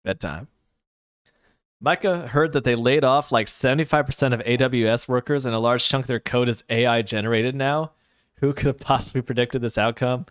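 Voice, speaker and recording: A man streaming a game, chatting loosely and sleepily with his viewers at a mid pitch. He rambles from one thought to the next and tosses in dry, sarcastic asides. The sound is dry, with no room echo. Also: steady tone, brisk, smooth. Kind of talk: casual chat while gaming, answering chat.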